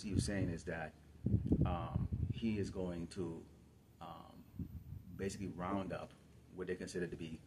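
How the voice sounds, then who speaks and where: A man's voice: low voice, background noise. A man preaching to a congregation, emphatic and repetitive, often putting questions to his listeners. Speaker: camp teacher.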